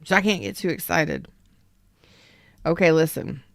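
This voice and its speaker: A woman giving a casual live tarot reading, keeping her voice low and soft while she recovers. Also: sing-song, a little slow, gravelly, dry recording, clean studio sound. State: recovering from an illness. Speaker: tarot reader.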